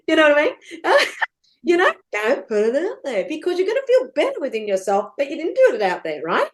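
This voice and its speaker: A middle-aged woman speaks briskly as a podcast guest, telling stories in an animated way. Her voice sits a little high and swings widely in pitch. She swears casually and laughs often.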